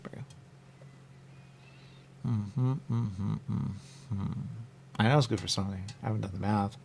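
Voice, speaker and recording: A man hosting a radio talk show in rambling casual chat, often jumping into quick high voices to act out what people say. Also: steady tone, creaky, a little mellow, slight background noise. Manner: rambling, acts out quick high-pitched quoted voices, repeats "there you go".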